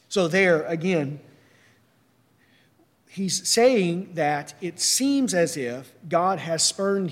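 Earnest man preaching in a reverberant hall. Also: a little high. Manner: earnest, reads slowly then explains with "right?". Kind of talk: sermon with scripture reading.

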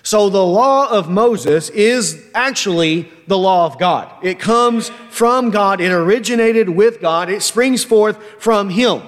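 A man preaching an expository sermon, emphatic and often checking in with a quick "right?". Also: high-pitched, big-room sound. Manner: emphatic, frequent tag question "right?".

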